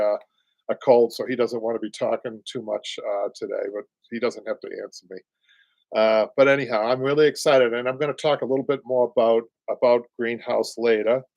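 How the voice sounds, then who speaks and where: A man in his late fifties with a Boston accent, chatting loosely through a live stream as host. His voice sits at an ordinary middle pitch, and he rambles with plenty of "uh"s and easy chuckles. The sound is dry and close, with hardly any room around it. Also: darkish tone, dry recording. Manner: rambling and chatty, many fillers, chuckles often. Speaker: upholsterer hosting a live show. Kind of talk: casual live-stream chat.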